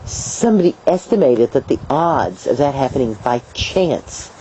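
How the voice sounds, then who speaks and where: A middle-aged woman herbalist telling stories in an interview, lively and playful, acting out voices and laughing as she talks. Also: very deep voice, normal speed. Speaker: herbalist guest. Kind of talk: storytelling interview answers. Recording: dull lo-fi video sound, faint hiss.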